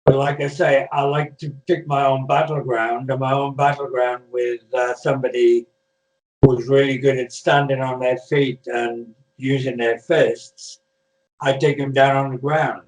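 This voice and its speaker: Heard from a distance in an echoing room, this retired British wrestler is an older man swapping meandering anecdotes during a casual interview over video call. He speaks unhurriedly in a mid-range, even voice, frequently restarting and using fillers.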